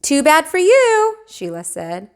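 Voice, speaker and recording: A woman reading aloud, voicing a bossy know-it-all fourth-grade girl who pushes and pleads loudly. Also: high-pitched, wildly swooping pitch, slow pace, voice pushed up, exaggerated voice. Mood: defiant. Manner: pushy, pleading, loud.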